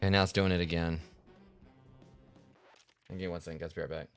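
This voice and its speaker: A man's voice: low-pitched, flat delivery, fairly quick, soft background music. A man streaming a video game live, commenting casually to his chat while frustrated and apologizing for glitches.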